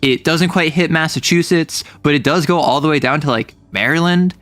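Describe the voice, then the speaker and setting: A man's voice: a little high, normal speed, fairly bright tone, no echo. A young man streaming and chatting casually with viewers, rambling with lots of fillers and self-corrections. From US Northeast, near New York City. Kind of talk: casual livestream chat reading chat.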